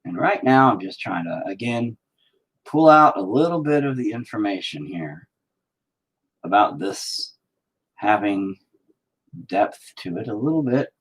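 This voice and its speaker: An expressive man with a lowish, breathy voice talks a little slowly and pauses often as he streams his painting. His self-directed rambling is casual and self-critical, laced with nonstop swearing.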